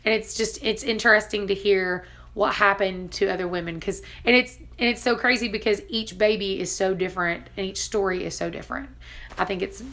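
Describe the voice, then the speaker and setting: Casually chatting, the thirtysomething mother and vlogger tells stories, acts out what people said, and laughs often. Her medium-pitched voice is steady, a little fast, and fairly bright.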